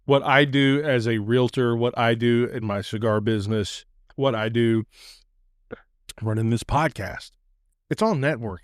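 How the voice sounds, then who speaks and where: A man hosting a podcast, chatting in a relaxed way and laughing easily. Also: mid-range voice, measured pace, clean tone, no room sound, studio quality. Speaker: podcast host. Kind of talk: casual chat. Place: outdoor patio.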